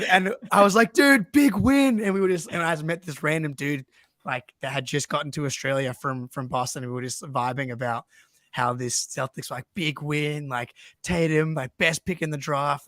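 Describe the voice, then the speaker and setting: A man with a slightly higher voice co-hosts a casual podcast, rambling through a story with plenty of 'like' and easy laughter. The recording is dry and close. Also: fairly bright tone, no echo. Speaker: podcast co-host.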